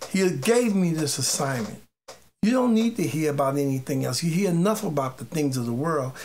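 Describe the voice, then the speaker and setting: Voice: mid-range voice, a little hiss or hum. A faith teacher giving an informal sermon, emphatic and repetitive, mixing personal testimony with exhortation and sometimes stumbling over words. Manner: emphatic, repeats key phrases, stumbles on words. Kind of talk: informal preaching monologue.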